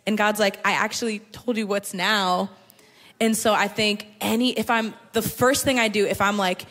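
A woman's voice: medium pitch, pushed and bright. A woman on a panel giving casual encouragement about faith in a playful, chatty way. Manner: playful and chatty, quick to laugh. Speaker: panel guest. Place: large hall at a live church gathering. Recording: long hall reverb.

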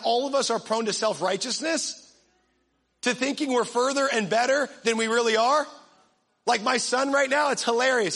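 A young man preaching a sermon to a congregation, energetic and joking, acting out funny little scenes. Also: very high-pitched. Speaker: pastor.

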